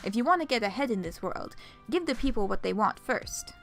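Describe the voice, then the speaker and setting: A woman's voice: medium pitch, expressive, quick pace, fairly bright tone, soft background music, close to an everyday voice. A woman voicing a cynical, brash female troll artist in a game, with a faint put-on French accent and a blunt, crude manner. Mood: smug.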